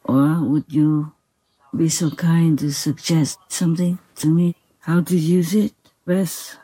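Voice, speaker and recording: A humble, reverent spiritual teacher in a devotional spoken dialogue, soft-spoken with gentle laughs and a slightly strained voice. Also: mid-range voice, flat delivery, slow pace, husky, rough recording. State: voice a little strained.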